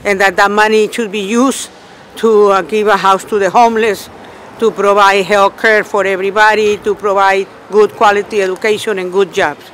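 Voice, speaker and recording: A man's voice: sits high, flat delivery, normal speed, a little hiss or hum. A man, a union member protester, telling an angry story outdoors in a street interview, repeating himself and quoting his own retorts. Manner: indignant, repeats himself, quotes himself loudly.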